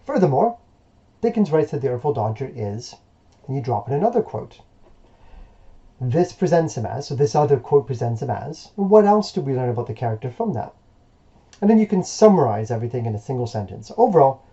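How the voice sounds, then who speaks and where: The recording has its highs cut off as a medium-pitched male teacher delivers a remote lesson. Plenty of fillers and pauses run through his easygoing, encouraging delivery.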